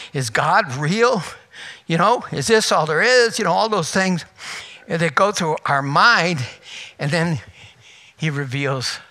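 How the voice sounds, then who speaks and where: An older man preaching a sermon as pastor, animated and emotional, with laughing asides. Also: fairly high pitch.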